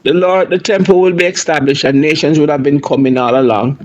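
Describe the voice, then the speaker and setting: A man joins a casual group Bible discussion, thinking aloud and often stopping to correct himself. His voice is a little high. He sounds like an ordinary participant. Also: steady tone, fairly quick, highs cut off.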